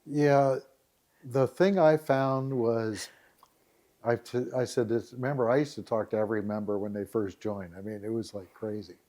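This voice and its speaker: A man's voice: mid-range voice, fairly even intonation, normal speed, mellow. A man as a podcast guest, chatting casually and telling stories, often laughing. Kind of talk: casual storytelling chat.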